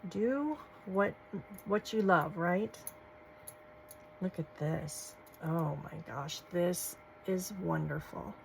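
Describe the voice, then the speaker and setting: Slow gravelly-voiced woman gushing. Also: fairly low pitch, a little hiss or hum, poor audio. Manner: gushing, soft-spoken, folksy. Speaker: crafting channel host. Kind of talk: casual show-and-tell vlog.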